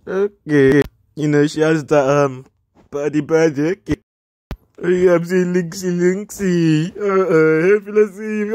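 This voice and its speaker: A man reacting casually to pictures, repeating words, squealing high greetings and shouting refusals. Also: slight background noise. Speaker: YouTube reaction host.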